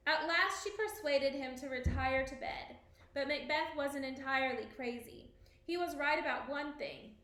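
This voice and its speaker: A woman teacher reads a story aloud to her class, lively and expressive, pausing for questions. Her voice is high and bright. It echoes around a roomy space with a faint hiss of noise.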